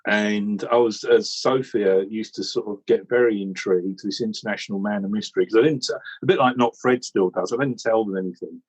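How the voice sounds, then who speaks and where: A man from England telling a rambling, animated story about joining a cricket commentary team, in casual chat with many restarts. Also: lowish voice, fairly quick, hardly any pauses, slightly rough, rough recording. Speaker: regular commentator recalling how he joined.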